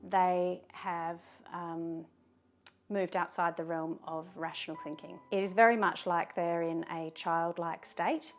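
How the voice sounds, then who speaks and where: Calm low-voiced woman giving advice. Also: soft background music. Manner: calm, measured, firm on repeated commands. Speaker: advice video host. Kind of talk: direct-to-camera advice talk.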